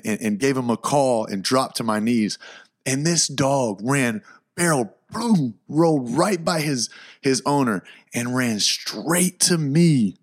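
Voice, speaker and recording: A young man hosting a podcast, telling a story in an excitable, slangy way with sudden loud outbursts. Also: medium pitch. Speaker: podcast host. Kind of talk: casual solo podcast storytelling.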